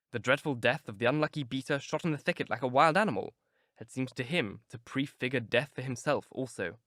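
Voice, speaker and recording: A man reading a classic novel aloud in measured, expressive scripted narration on a close mic. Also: mid-range voice, no echo. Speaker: audiobook narrator.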